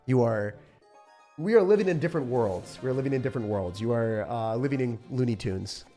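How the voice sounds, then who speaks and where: A young man streaming a game live, reacting loudly and then mumbling low as he talks through decks. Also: brisk. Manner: excitable, swings from shouting to low mumbling. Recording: faint music behind.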